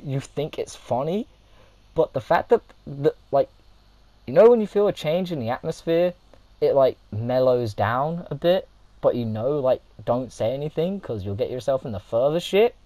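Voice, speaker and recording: A young man casually telling a funny story to his viewers, animated and laughing, acting out what people said. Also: a little high, no room sound, poor audio. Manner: animated, laughing, acts out quotes. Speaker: vlogger.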